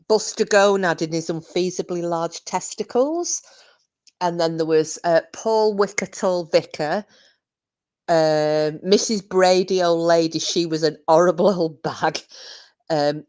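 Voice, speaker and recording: A woman talks slowly in a low voice, as if chatting with friends. She reminisces with plenty of fillers and giggles between her stories. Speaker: podcast host. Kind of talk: casual chat.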